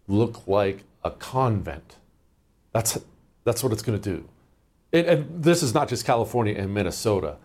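A man's voice: on the low side, darkish tone. A man hosting a political talk radio show, delivering an emphatic, sarcastic monologue.

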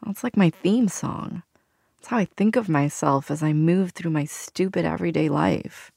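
A woman's voice: low voice, vocal fry, a little mellow, slightly rough, no echo, clean studio sound. A woman from Argentina narrating her personal story in a candid, reflective way. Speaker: journalist and narrator.

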